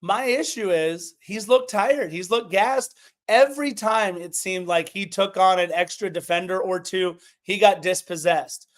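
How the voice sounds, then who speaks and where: A man co-hosting a casual sports podcast, animated and opinionated as he previews a match. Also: high-pitched, a little slow. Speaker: podcast co-host.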